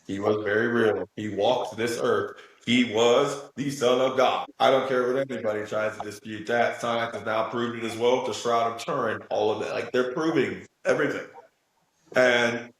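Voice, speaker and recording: A man's voice: mid-range voice, fairly even intonation, moderate pace, slight background noise. Emphatic man in an echoey room. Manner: earnest, emphatic, keeps checking in with "right?". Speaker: guest. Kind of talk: spiritual interview talk.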